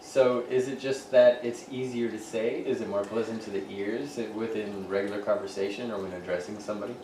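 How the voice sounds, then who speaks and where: A man's voice: fairly low pitch, steady tone, fairly quick, dark tone. Middle-aged guy joking around on a podcast, bit far from the mic, echoey room, faint hiss. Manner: joking, rambling, laughs often. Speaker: podcast co-host. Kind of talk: casual chat. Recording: roomy, off-mic, faint noise.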